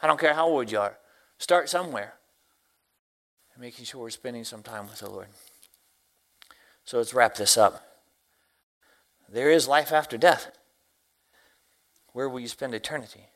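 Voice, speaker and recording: A man preaching a sermon, a deacon and Sunday school teacher who quotes scripture slowly and swings from hushed lines to loud exclamations. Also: mid-range voice. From Tennessee, US. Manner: quotes scripture in slow, drawn-out phrasing.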